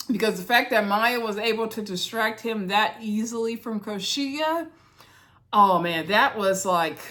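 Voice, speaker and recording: A woman casually recapping a reality dating show, acting out the cast members' lines and laughing as she talks. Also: fairly high pitch. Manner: animated, acts out cast members' lines in quotes, laughs often. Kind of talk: casual chat.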